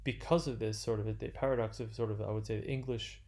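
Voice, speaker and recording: A man giving an unscripted literature lecture, halting and full of fillers and restarts. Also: lowish voice, steady tone, vocal fry, a little mellow.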